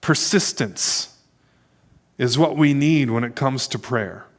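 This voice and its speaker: A man preaching as a pastor, closing a sermon and leading the church into earnest, hushed prayer. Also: medium pitch, slow. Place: church service.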